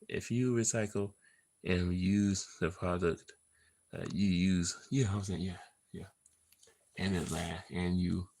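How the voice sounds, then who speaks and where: A man's voice: low-pitched, darkish tone, breathy edge, low-quality recording. A man rambling casually as he half reads a script, easily distracted, repeating himself and breaking into laughter and playful asides.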